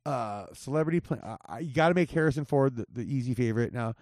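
A man's voice: medium pitch, fast, darkish tone, no echo, clean studio sound. A man hosting a casual podcast, joking and swearing loosely as he banters with a friend. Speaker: podcast host.

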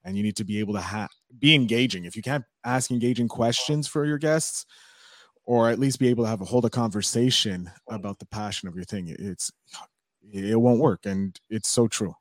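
A man's voice: on the low side, a little fast, no room sound, clean studio sound. A man hosting a podcast, chatting casually and enthusiastically with his guest. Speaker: podcast host. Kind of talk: casual conversation.

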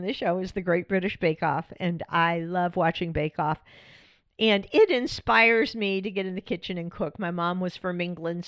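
Lady podcast host chatting away, slightly low voice, dry dull-ish sound. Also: no echo. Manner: warm, chatty, laughs often. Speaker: podcast host and widow coach. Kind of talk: casual podcast monologue.

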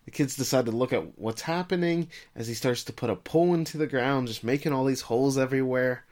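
Man recapping an episode, even voice. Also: mid-range voice, fast. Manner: narrates plot summary, then asks his co-host questions. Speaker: podcast co-host recapping an anime episode. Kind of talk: casual recap chat.

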